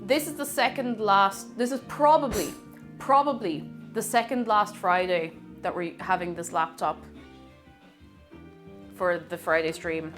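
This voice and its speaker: A woman's voice: mid-range voice, a little slow, soft background music. A woman chatting casually to viewers while cooking live at home, reading out messages and greeting people, sometimes drifting away from the mic. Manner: chatty, reads chat aloud and greets viewers excitedly. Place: home kitchen. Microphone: moves away from mic while cooking.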